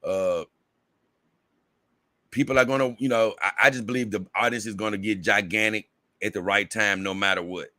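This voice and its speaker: A man with a Southern drawl hosts a casual livestream and answers his viewers' comments. His voice sits low but sounds bright and forward, recorded close and dry. He rambles and repeats himself in an easygoing way. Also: fairly even intonation, moderate pace, pauses often, no echo. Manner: rambling, repeats words, laughs often. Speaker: livestream host.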